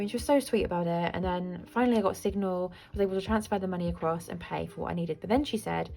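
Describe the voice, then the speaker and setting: Chatty thirties woman vlogger, a bit of vocal fry, rambling and self-deprecating, faint music underneath. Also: lowish voice, fairly even intonation, fast talker, few pauses, darkish tone. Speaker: budgeting vlogger. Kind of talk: casual chat to camera.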